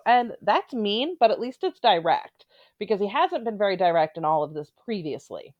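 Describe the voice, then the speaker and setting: A woman's voice: medium pitch, lively intonation, normal speed, no room sound, dull audio. Blunt, sarcastic woman recapping TV. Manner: blunt, sarcastic, candid asides. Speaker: reality TV recap commentator. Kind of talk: casual opinionated commentary.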